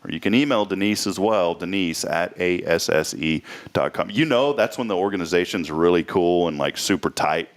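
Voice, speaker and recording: Joking low-voiced man hosting a talk show. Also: moderate pace, few pauses. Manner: joking, rambling storyteller. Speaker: host. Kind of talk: casual chat.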